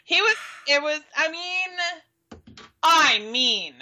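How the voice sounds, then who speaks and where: A woman co-hosting a podcast in casual sports chat, animated and sarcastic, swearing freely. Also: high voice, slow pace. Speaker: podcast co-host. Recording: dull lo-fi sound.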